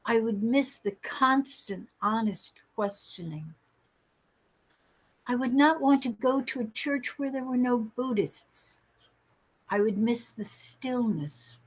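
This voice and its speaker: A woman minister reading a poem as the closing words of a church service, slow and reverent. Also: fairly high pitch, breathy edge, poor audio. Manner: slow, measured, reverent recitation. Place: church sanctuary during a livestreamed service.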